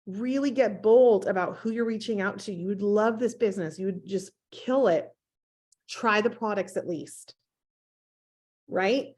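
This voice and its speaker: A woman hosting a motivational team call, talking upbeat and encouraging at an ordinary pitch. She coaches her listeners through an online call connection. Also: moderate pace, darkish tone.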